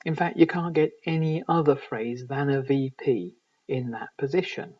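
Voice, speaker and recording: A man giving a recorded university lecture in linguistics, measured and explanatory, often pausing to find his words. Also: mid-range voice, fairly even intonation. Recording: distant, dull lo-fi recording.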